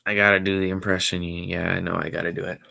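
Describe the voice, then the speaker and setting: A man hosting his own podcast stream, rambling along casually in a low-key, somewhat mumbly way. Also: little pitch movement, fast talker, vocal fry, sharp tone. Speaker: podcast host. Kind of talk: casual solo livestream chat.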